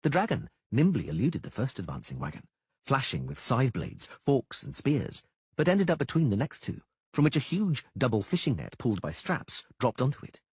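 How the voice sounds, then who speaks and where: A man's voice: mid-range voice, huge pitch swings, moderate pace, breathy edge, dry recording. A man narrating a fantasy audiobook with a dramatic delivery on a close studio mic.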